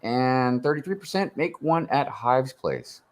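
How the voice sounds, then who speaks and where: Easygoing male host with a lively voice. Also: medium pitch, unhurried. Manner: easygoing, hesitant with ums. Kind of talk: casual livestream chat.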